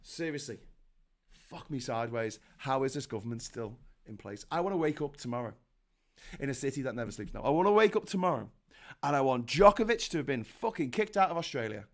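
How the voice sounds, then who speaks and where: A man from Liverpool hosting a sweary, sarcastic comedic rant, with mock voices and shouted peaks. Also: medium pitch, lively intonation, a little fast. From Liverpool, England. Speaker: host.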